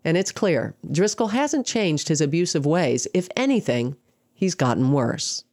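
A woman hosting a podcast, interviewing a guest and narrating summaries in a measured way. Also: low-pitched, big pitch swings, darkish tone.

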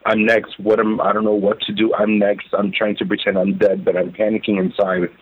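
A man telling his own story as an interview guest, halting and repeating words as he recounts it. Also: on the low side, little pitch movement, breathy edge, no echo. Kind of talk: emotional first-person testimony. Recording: phone-like narrow band.

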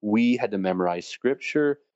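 A man with a low voice, speaking as an interview guest. He tells his stories with energy and acts out the people he quotes. The recording sounds dull and completely dry. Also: expressive, normal speed, a little mellow, no room sound. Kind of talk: conversational storytelling.

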